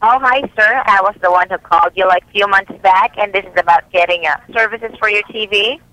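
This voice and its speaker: Polite, bright-voiced male telemarketer. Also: high voice, fairly quick, no room sound, low-quality recording. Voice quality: polite, persistent. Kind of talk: sales pitch on a phone call.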